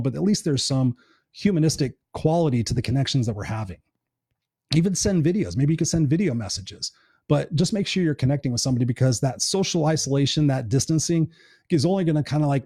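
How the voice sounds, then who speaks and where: Fast-talking earnest man, dark voice. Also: a little high, breathy edge, no room sound, clean studio sound. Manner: earnest, encouraging, swears casually. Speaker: live show host. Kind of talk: casual live-stream chat.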